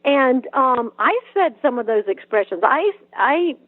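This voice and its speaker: An older woman from South Georgia with a Southern accent, telling stories as an interview guest, lively and full of restarts. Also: high-pitched, measured pace, no echo. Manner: animated storytelling, frequent restarts and laughs. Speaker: author guest. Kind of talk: conversational interview. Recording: tinny phone-like line, dry.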